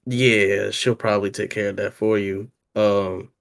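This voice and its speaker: A man's voice: on the low side, level tone, unhurried, creaky. A man playing a tabletop game, joking and insistent with the game master. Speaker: player.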